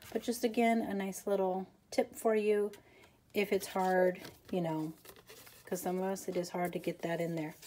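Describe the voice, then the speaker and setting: A woman's voice: medium pitch, warm tone. A woman hosting a casual papercraft tutorial, chatty and rambling, with self-deprecating asides as she works.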